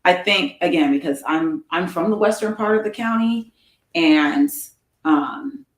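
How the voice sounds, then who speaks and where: A woman in a casual book club discussion, telling animated stories from her upbringing. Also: on the low side, a little slow. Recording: echoey room.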